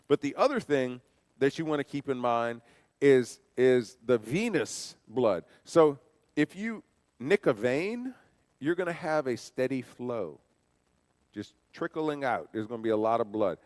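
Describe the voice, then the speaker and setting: A man giving a church safety training talk, conversational, asking rhetorical questions and telling personal stories. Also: mid-range voice. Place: church hall. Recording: long reverb of a large hall.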